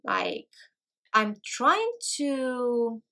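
Bright-voiced woman with Bulgarian accent. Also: fairly high pitch, huge pitch swings, drawn-out words. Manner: chatty, searching for words, self-correcting. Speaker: language channel host. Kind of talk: casual talk to camera.

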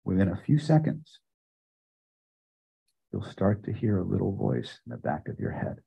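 An older man teaching a live self-help seminar, speaking emphatically and building phrases up loud before dropping to a hush. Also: sits low, huge pitch swings, moderate pace, creaky, pauses often, slightly rough, lo-fi sound. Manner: emphatic, builds repeated phrases to loud peaks then drops quiet. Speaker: hypnosis and self-help trainer. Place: seminar room with audience.

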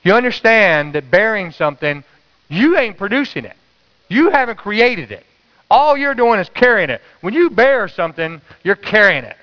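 A man preaching a sermon, calling out to the congregation and dropping to a hush for quoted words. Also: high voice, big pitch swings, normal speed, big-room sound, dull audio. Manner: call-and-response preaching, swings from loud to hushed. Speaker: pastor.

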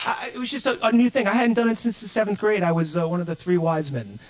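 Young man, co-host, high voice, fast talker, wisecracking, radio sound. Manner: quick, wisecracking. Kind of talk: casual comedic chat.

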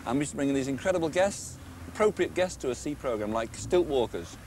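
Quick chatty older man reminiscing. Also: mid-range voice, animated, background noise. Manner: chatty, enthusiastic. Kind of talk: casual reminiscing.

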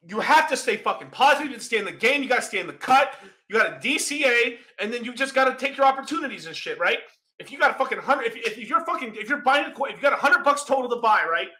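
Young male host, high and piercing, profane heated rant, frequent shouting. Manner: heated, swearing constantly, often shouting. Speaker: crypto channel host. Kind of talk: profane ranting monologue.

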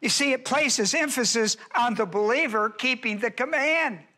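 A male pastor works through a verse in an expository sermon, leaning hard on each point and repeating his key words. His voice sits high and bright for a man, with a forceful edge. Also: normal speed.

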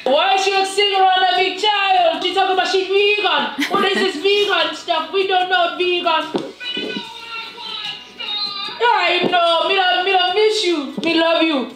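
A long-lost Jamaican grandfather, as a woman puts him on, gushes over the grandbabies in thick exaggerated patois. The voice sits very high. It rings in an echoey room. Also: fairly even intonation, a little slow. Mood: teasing. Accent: put-on Jamaican.

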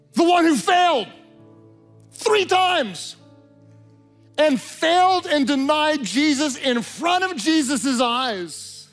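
A man pastor preaching a sermon, swinging from loud emphatic lines to hushed, low passages.

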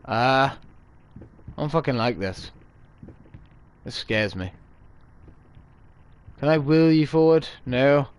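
A man's voice: mid-range voice, animated, slow pace, pauses often, clear, resonant tone. A man commentating a horror game, jumpy and swearing a lot with nervous yelps and laughs. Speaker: gaming video host. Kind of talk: let's play commentary.

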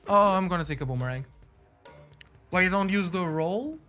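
A British man streaming a game live, chatting with viewers and reacting loudly to the action. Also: fairly high pitch, moderate pace, pauses often. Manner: chatty, excitable, greets chat and reacts loudly. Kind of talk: live gameplay commentary. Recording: game music behind voice.

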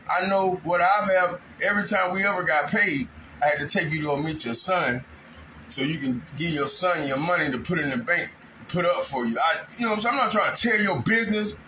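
High, bright-voiced man venting at home, faint background noise. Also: poor audio. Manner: aggrieved, rambling storytelling with raised outbursts. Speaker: vlogger. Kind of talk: casual monologue. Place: home kitchen.

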